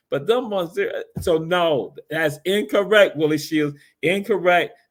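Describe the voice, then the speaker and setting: A man hosting a casual live-stream talk show, animated and preachy, repeating his words. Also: a little high.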